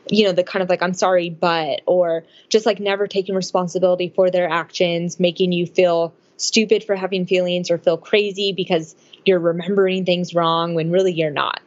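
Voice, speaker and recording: Woman guest, advocate, fairly low voice, casual, muffled audio. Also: fairly quick, hardly any pauses, no room sound. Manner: relaxed, uses lots of fillers like "like" and "um". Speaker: guest, domestic violence advocate. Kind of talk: casual interview chat.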